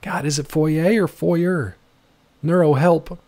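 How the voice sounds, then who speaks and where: A male livestream host chatting casually from home, playful and animated, jumping between high and low pitch. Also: takes it slowly. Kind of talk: casual chat while gaming.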